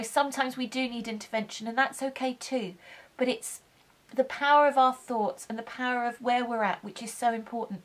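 Brief: young woman, higher-pitched, gentle and earnest, heartfelt personal storytelling. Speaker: vlogger telling her birth story.

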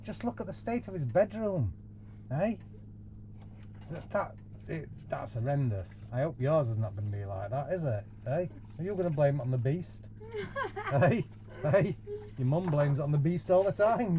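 A man's voice: fairly high pitch, background noise. A man reads a picture book aloud to a baby in a caravan, breaking off for playful, teasing asides. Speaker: parent reading to a baby. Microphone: 360 VR camera.

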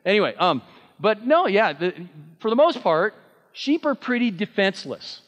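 Earnest preacher in a reverberant hall. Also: male voice, high-pitched, big pitch swings, normal speed. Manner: earnest, emphatic, with fillers and restarts. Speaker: pastor. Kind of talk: sermon.

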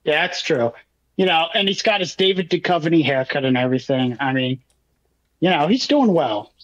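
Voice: medium pitch, animated, normal speed, muffled recording. A podcast co-host recapping a show in casual chat, with profane play-by-play and acted-out asides.

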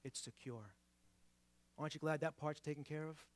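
High-voiced preacher with a New York–Boston accent. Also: male voice, monotone, quick pace, dry recording. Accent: mix of New York and Boston. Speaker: pastor. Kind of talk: sermon. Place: church sanctuary.

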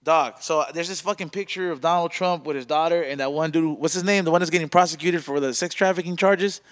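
Loud excitable high-voiced podcast host. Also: male voice, quick pace, smooth. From Salvadoran family. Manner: loud, excitable, swears a lot. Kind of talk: casual profane podcast banter.

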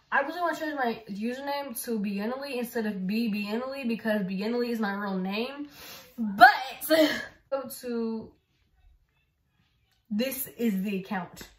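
A woman chatting casually to her viewers in a rambling way, full of fillers, recorded on a phone. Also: on the high side. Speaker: YouTuber. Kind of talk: casual vlog chat. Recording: roomy with background music.

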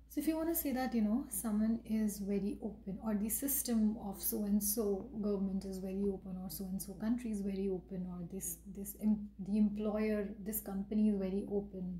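A woman's voice: medium pitch, warm tone, slight background noise. Woman teaching words, echoey room. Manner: explanatory, repeats examples, mixes in Hindi phrases. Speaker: English vocabulary teacher. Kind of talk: casual online vocabulary lesson.

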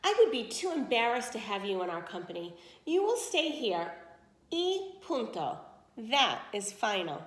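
Icy scornful stepmother, put on by a woman reading aloud, high voice, echoey room. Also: big pitch swings, normal speed, sharp tone. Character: cold haughty stepmother, middle-aged woman.

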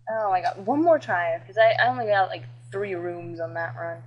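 Brief: excitable woman gamer, casual running commentary, talkative and profane. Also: medium pitch, unhurried, pauses often, slight background noise, low-quality recording. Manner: chatty, excitable, swears and jokes while playing. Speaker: gameplay commentator.

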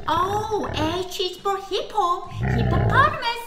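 A woman's voice: high-pitched, very animated, takes it slowly, echoey room. A woman leading a preschool art and music circle time, exclaiming and sing-song as she plays with puppets for young children.

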